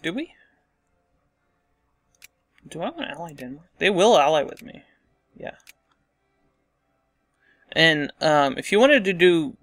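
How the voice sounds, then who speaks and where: Bright, gravelly man thinking aloud. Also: fairly high pitch, dry recording. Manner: thinking aloud, muttering asides. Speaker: let's play host. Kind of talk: casual strategy game commentary.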